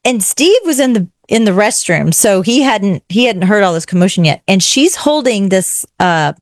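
A woman who hosts a podcast, telling a story on a radio chat show in a fast, excitable way. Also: mid-range voice, no room sound, clean studio sound. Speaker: podcast host and radio regular. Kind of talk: animated storytelling in casual chat.

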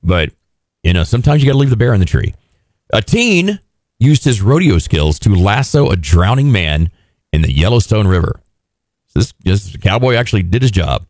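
A male host with a fairly low voice that rises and falls freely as he tells odd news stories. He keeps a wry, joking tone, and the sound is dry and close. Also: very animated, normal speed, a little mellow, no echo. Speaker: radio show host. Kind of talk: casual news chat.

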